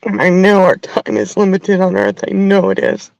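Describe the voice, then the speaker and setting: Tearful middle-aged woman, gravelly voice. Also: medium pitch, very animated, a little mellow, no room sound, highs cut off. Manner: tearful, halting, heartfelt. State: crying. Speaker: livestream host. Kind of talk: emotional livestream talk.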